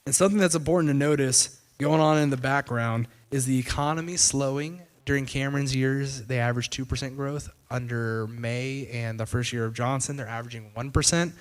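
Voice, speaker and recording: A man's voice: mid-range voice, brisk, few pauses. A man presenting a casual explanatory video commentary, talking conversationally with fillers and loose restarts. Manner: conversational, retells events with "he's like" and paraphrased quotes.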